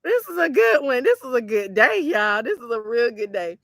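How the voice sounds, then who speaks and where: Brief: woman tarot reader, casual livestream host, fits of laughter, high and very animated. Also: moderate pace, dry recording, clean studio sound. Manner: laughing hard, wheezing.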